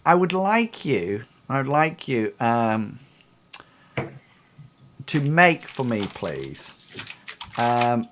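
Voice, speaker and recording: A man's voice: medium pitch, big pitch swings, extremely slow, long pauses, fairly bright tone, a little hiss or hum. A man narrating as game master of a tabletop game, hesitant, full of fillers and restarts.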